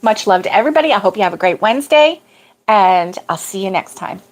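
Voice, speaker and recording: A woman's voice: medium pitch, animated, quick pace. A middle-aged woman hosting a crochet livestream, chatting casually, chuckling and answering viewer comments as she goes. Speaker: crochet channel host.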